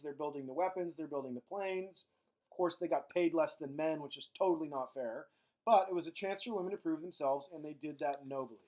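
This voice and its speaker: A man delivers a recorded world-history lecture in a loose, joking manner full of fillers and side remarks. His voice sits a little high for a man. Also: darkish tone. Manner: casual and joking, with frequent fillers. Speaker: history teacher.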